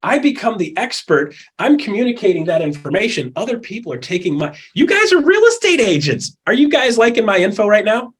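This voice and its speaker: A man with a high, husky voice coaches real estate agents with a lot of energy. He is middle-aged and keeps acting out clients and calls as he goes. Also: a little fast, hardly any pauses. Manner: animated, acts out quoted people and calls. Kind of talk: energetic coaching talk in an interview.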